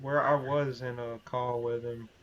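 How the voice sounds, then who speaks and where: A man's voice: mid-range voice, level tone, measured pace, very noisy. A man hosting a casual live stream, easygoing and struggling to hold back his laughter. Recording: lo-fi audio with crowd chatter behind.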